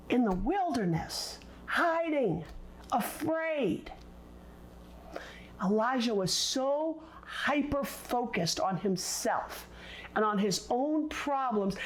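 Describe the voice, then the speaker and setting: A woman teaching a recorded Bible lesson, expressive and deliberate, leaning on words for dramatic emphasis. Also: sits high.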